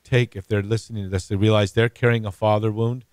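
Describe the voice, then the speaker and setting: A man's voice: fairly low pitch, flat delivery, quick pace, darkish tone, smooth, no echo, studio quality. A man hosting an interview podcast, reflecting conversationally and asking his guest questions. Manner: reflective, conversational, gives brief affirmations. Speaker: podcast host.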